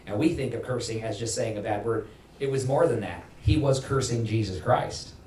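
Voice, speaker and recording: Male pastor preaching hard, pitch jumping up on the big points, roomy church sound from far off. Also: moderate pace, a little mellow. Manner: emphatic, rises in pitch and volume for emphasis, acts out quoted voices. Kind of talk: sermon. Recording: echoey hall from far off, faint noise.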